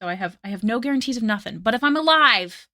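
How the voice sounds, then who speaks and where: A woman's voice: on the high side, animated, quick pace, pushed and bright, dry recording, clean studio sound. A young woman chatting casually with her stream while she draws, rambling and self-deprecating as she reads chat aloud at night. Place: home room at night. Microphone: desk mic.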